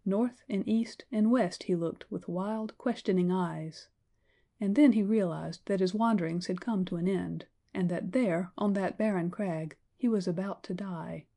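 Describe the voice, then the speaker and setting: A woman narrates a classic novel in a measured storytelling manner. Her voice is mellow with a middle pitch. It suits an audiobook reading. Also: gravelly. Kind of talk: scripted narration.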